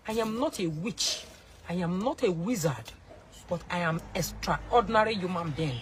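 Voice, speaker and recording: A young Nigerian woman with a Nigerian accent scolds and warns in an angry rant straight to camera, shifting between shouts and low pleading. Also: a little hiss or hum, low-quality recording. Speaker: social media personality.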